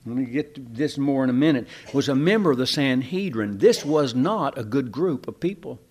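A man's voice: mid-range voice, lively intonation, brisk, darkish tone. A pastor preaching a sermon in a folksy, conversational way, asking his listeners questions.

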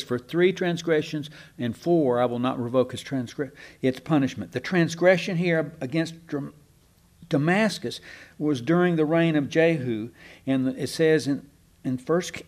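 A man's voice: a little high, darkish tone. A man teaching a Bible class in a folksy, rambling way, with asides to his listeners.

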